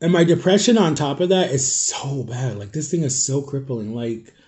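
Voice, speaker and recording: A man with a stuffed-up nose, talking in a halting, rambling way while eating on camera at home for his vlog. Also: medium pitch, darkish tone. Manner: rambling, halting, searching for words. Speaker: vlogger. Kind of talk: casual confessional vlog.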